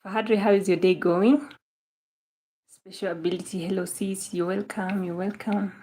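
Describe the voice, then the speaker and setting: A woman's voice: medium pitch, fairly even intonation, normal speed, mellow, slight background noise. A young Kenyan woman with a Kenyan accent, chatting casually on a live stream, greeting viewers by name and repeating her phrases, sometimes mixing in Swahili. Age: young adult. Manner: mixes Swahili into English.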